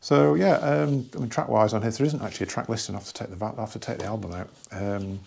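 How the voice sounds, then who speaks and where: Man, gravelly low voice, mellow tone, rambling casual record-collector vlog, lots of restarts. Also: steady tone, a little hiss or hum. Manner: rambling and enthusiastic, many pauses and restarts. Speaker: record collector reviewing an album.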